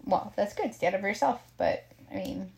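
A woman's voice: mid-range voice, normal speed, vocal fry, darkish tone. Chatty middle-aged woman, caregiver, casual and filler-heavy, mid-range voice. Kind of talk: casual talk.

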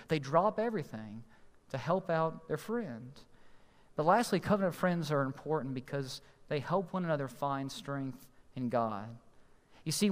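A man preaching a sermon as pastor, earnest and emphatic, slowing to stress key phrases. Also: fairly high pitch. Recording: long hall reverb.

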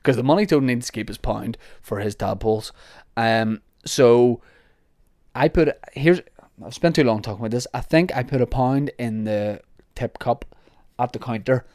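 A man's voice: mid-range voice, a little mellow, no echo, clean studio sound. A young Northern Irish man hosting a podcast, chatting casually and sarcastically as he rambles through listener questions. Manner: chatty, sarcastic, rambling with self-mocking asides. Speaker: podcast host.

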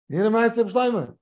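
His voice sits high and sounds a bit mellow. He's a rabbi giving a Torah lesson in a study hall, chuckling through an amusing story while dropping Hebrew and Yiddish expressions into English.

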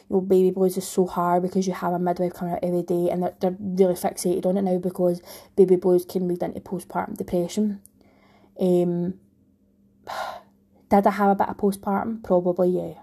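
A young woman with a Scottish accent talks candidly and at length, her thoughts tumbling out with many restarts. Her voice is mellow and warm, with a husky, breathy edge. She sounds like someone sharing a personal story straight to camera. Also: fairly low pitch. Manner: rambling, heartfelt, frequent restarts. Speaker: vlogger, new mum.

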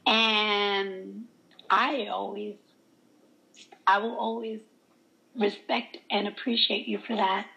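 A woman's voice: medium pitch, takes it slowly, vocal fry, long pauses, low-quality recording. A woman in casual chat, laughing often and acting out quoted lines as she tells stories. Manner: laughs often, animated storytelling.

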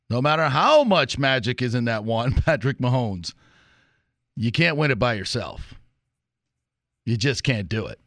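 A man's voice: medium pitch, a bit bright, no echo, studio quality. A man hosting a sports talk show, delivering an emphatic monologue with punchy repetition. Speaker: sports radio host.

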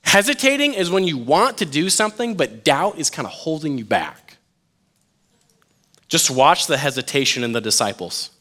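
This youth pastor's sermon is casual and chatty: he jokes with listeners, acts out the stories' quotes, and keeps saying "you guys," all with animated energy. His pitch is fairly high and he moves at a moderate pace.

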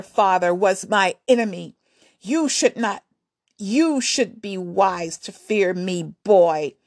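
A woman's voice: mid-range voice, dry recording, clean studio sound. A woman voicing a fierce, proud warrior queen who speaks scornfully and commandingly in a told story.

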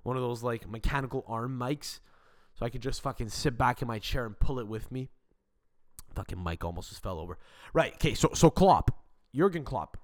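A man's voice: medium pitch, moderate pace. A man hosting a casual solo podcast, rambling and swearing with many stuttering restarts, into a desk mic. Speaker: podcast host. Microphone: desk mic without arm.

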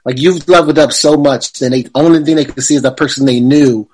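Husky-voiced man musing casually. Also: medium pitch, fairly even intonation, fast, a little mellow, poor audio. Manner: reflective, rambling, with many fillers and restarts. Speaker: podcast guest. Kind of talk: casual conversation.

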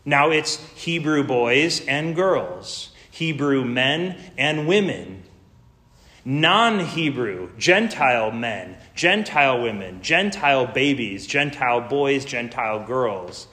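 A man's voice: medium pitch, animated, slow pace, pushed and bright. A man preaching a sermon in an earnest, emphatic way, building lists and drawing out key words. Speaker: pastor.

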